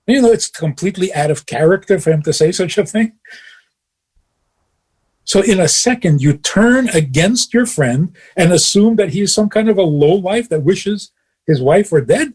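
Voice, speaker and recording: A man with a fairly high, husky voice gives a radio teaching as a rabbi. He chuckles often as he talks and drives his points home with pointed rhetorical questions. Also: lively intonation, moderate pace, a little mellow. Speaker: rabbi and radio show host. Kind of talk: teaching talk on a radio show.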